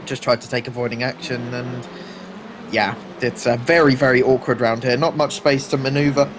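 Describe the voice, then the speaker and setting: A man's voice: medium pitch, fairly even intonation, normal speed, background noise. A man co-commentating an online race in a casual, hesitant way, with many fillers. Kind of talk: sim racing commentary.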